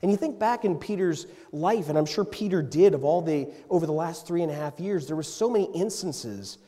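A man preaching a sermon, moving between loud emphatic passages and hushed, tender ones. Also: a little high, animated, a little fast. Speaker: pastor. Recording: long reverb in a hall.

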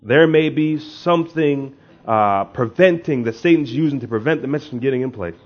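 A male pastor preaches conversationally, rising into emphatic bursts, as he prays and reads scripture aloud. His voice is medium-pitched at a moderate pace, and the recording has dull lo-fi sound.

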